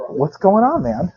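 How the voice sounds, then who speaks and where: On a podcast he's co-hosting by phone, a man tells rambling stories and laughs often, walking outdoors before settling inside a quiet bar. His mid-range voice has a darkish tone, and the dull, lo-fi call audio carries a little hiss or hum.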